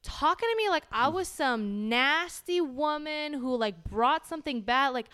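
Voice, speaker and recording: A woman's voice: high voice, animated, unhurried, pushed and bright. A young woman co-hosting a casual chat, telling a story with lots of acted-out quotes and casual swearing. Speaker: podcast co-host.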